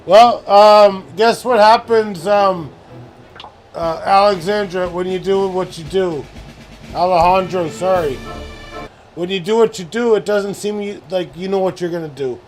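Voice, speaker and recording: A man's voice: sits high, a little slow, faint music behind. A man hosting a late-night live stream, rambling and swearing as he heaps mock sports praise on a teammate. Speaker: streamer host. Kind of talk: casual live-stream chat.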